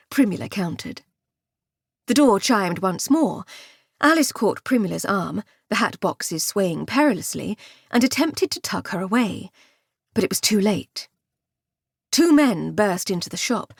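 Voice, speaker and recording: A woman narrating an audiobook with expressive, wry comic storytelling. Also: medium pitch, unhurried, creaky, slightly rough, dry recording, clean studio sound. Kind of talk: scripted narration.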